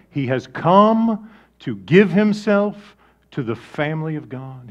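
Man preaching, fairly high voice, goes loud then hushed, kinda muffled recording. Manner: lively preaching with big swings in volume; drops to quiet, low emphasis. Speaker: pastor. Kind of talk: sermon.

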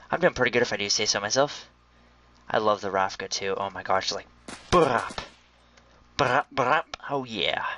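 An excitable young man talks through his game, chatting straight to his viewers. His voice sits at an ordinary pitch and comes through a slightly dull, lo-fi mic. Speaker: gameplay commentator. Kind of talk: casual gaming commentary.

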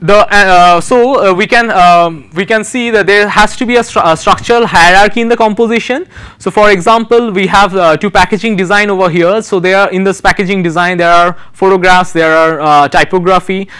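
A male university lecturer talks through design slides in a fairly high, clean and resonant voice. His delivery is halting, full of pauses and restarted phrases as he searches for the next word. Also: steady tone, pushed and bright, clear, resonant tone.

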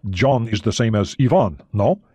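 A man's voice: on the low side, expressive, moderate pace, mellow, breathy edge, no echo. A male audiobook narrator reading the lines of a reserved, formal foreign submarine captain.

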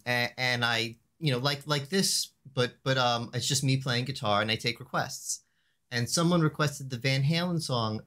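A man on a video call, casually telling a funny anecdote and acting out the lines he shouted. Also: mid-range voice. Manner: animated storyteller, acts out the shouted line. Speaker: show regular, co-host.

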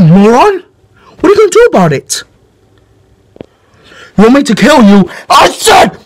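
A man's voice: sits high, exaggerated voice. A man voicing a sneering 42-year-old male bully in a homemade skit, taunting a younger man.

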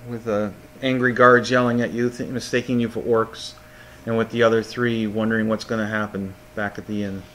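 A man's voice: lowish voice, little pitch movement, fairly bright tone. Guy running a tabletop game, stops and restarts a lot, bit of noise behind. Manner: halting, repeats words while narrating. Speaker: game master.

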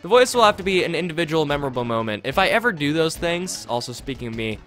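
A man's voice: on the high side, sing-song, quick pace, a bit bright, soft background music. A man rambling and joking while commentating a video game playthrough. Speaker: let's play host. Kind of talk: gameplay commentary.

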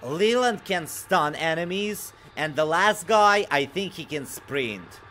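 A fairly high-voiced man hosts a casual game stream, reading viewer messages aloud. His voice has a bright, sharp edge. He is restless and excitable, dropping to low mutters one moment and bursting out loudly the next. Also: takes it slowly, a little hiss or hum. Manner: excitable and restless, swings from mutters to loud outbursts.

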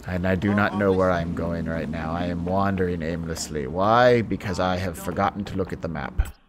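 A self-proclaimed Spanish angel of death, as a man puts him on in a low voice. The accent is stilted and unconvincing, a gamer's role-play rather than a real impression. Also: normal speed, background noise, lightly acted. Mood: mock grandiose. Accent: put-on Spanish accent. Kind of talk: role-play during game commentary.

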